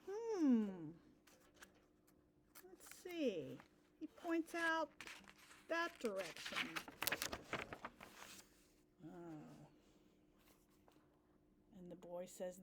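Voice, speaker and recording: Woman teacher, higher voice, very slow story reading for kids, leans on each sound. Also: sing-song, darkish tone, slight background noise. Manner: slow, deliberate, stresses target sounds. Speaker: speech teacher. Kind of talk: reading a picture book aloud to children.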